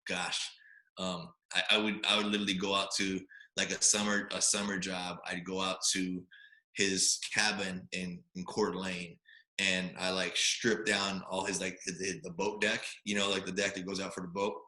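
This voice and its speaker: Speaking at a moderate pace in a low register, a forties-aged ex-quarterback from Hawaii spins stories as a podcast guest. His casual, lively telling leans on fillers and "right?" tags, and the room adds noticeable echo.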